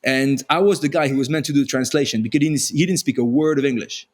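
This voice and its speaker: A man with a French accent, a former rugby player and podcast guest, telling self-deprecating stories in animated casual chat. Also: mid-range voice, fast. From France. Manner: self-deprecating, animated storyteller with frequent restarts.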